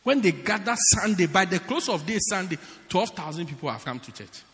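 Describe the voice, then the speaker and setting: A man preaching a sermon as pastor, emphatic and repetitive, swinging from shouts to hushed words. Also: high-pitched, expressive, a little fast, long reverb tail. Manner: emphatic, repeats phrases for stress, swings between shouting and hushed tones. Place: church.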